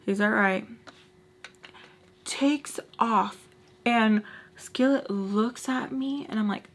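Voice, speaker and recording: A woman's voice: on the high side, unhurried. A young woman telling a story to her camera in a chatty, casual way, acting out the dialogue and saying "like" a lot. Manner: chatty, full of "like" and acted-out quotes. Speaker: storyteller vlogger.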